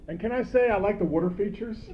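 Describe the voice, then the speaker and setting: A man's voice: sits high, fast talker, dull audio. Joking man rambling at a banquet. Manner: rambling, joking, addresses the crowd directly. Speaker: banquet speaker. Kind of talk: off-the-cuff banquet speech. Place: banquet hall with a crowd.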